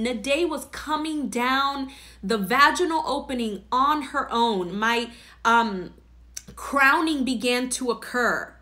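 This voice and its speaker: Bright-voiced woman telling a heartfelt story. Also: high voice. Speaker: podcast host. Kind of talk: personal birth story.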